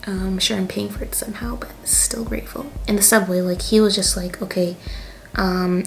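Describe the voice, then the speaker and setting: Canadian girl in her 20s, chatty vlog storytime, fry in her voice. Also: medium pitch. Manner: chatty, lots of fillers and laughs. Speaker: vlogger. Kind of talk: casual storytime chat.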